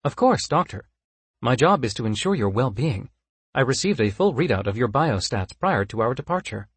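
A man voicing a calm, polite android assistant that speaks in a flat monotone. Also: medium pitch, moderate pace, breathy edge, no room sound, voice pushed up. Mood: matter-of-fact.

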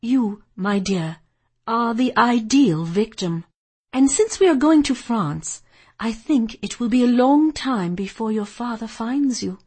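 A woman reading a cold, menacing gentleman kidnapper in an audiobook, speaking in a bored, threatening drawl. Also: on the high side, animated, a little slow, breathy edge. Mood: cold menace.

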